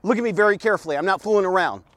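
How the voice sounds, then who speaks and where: A man hosting an informal daily devotional, talking in an animated, folksy way that keeps circling back to "look at" and "okay". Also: high voice, very fast, no echo. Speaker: devotional host. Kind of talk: casual devotional talk. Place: outdoors in a park.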